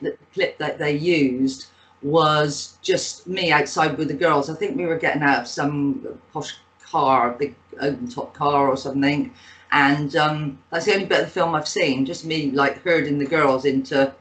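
A woman's voice: low voice, steady tone, normal speed, rough recording. A woman in her sixties with a Bristol accent, telling rambling anecdotes as a guest in a casual interview, with plenty of fillers. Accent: Bristol English. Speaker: guest, actress and author.

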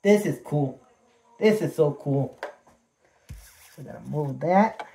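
Slow, excitable man in an echoey room. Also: fairly high pitch, creaky. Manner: excitable, repeats words, folksy exclamations. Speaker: vlogger unboxing birthday presents. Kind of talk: casual chat to camera. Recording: echoey room with faint noise.

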